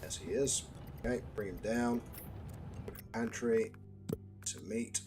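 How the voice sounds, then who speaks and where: Low-voiced British streamer, dry and chatty. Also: male voice, measured pace, pauses often, noisy background. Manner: dry, chatty, wry asides. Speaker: gaming live streamer. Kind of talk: casual game commentary.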